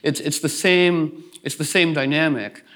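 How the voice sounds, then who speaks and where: A man with a somewhat high voice talks to a gathered group in a loose, rambling way. He restarts his sentences and leans on "you know" fillers. He laughs through the funny parts of his stories. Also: fairly even intonation, a little slow, fairly bright tone. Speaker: speaker at a gathering. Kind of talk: casual spoken talk to a group.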